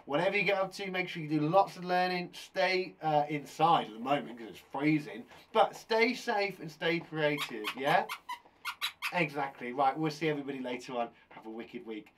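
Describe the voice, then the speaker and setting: A man's voice: a little high, moderate pace, a bit bright, slight background noise. A young man hosting a playful live online lesson for children. He chats to a toy monkey puppet as he teaches. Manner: bouncy and playful, talks to a puppet. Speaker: primary school teacher and host.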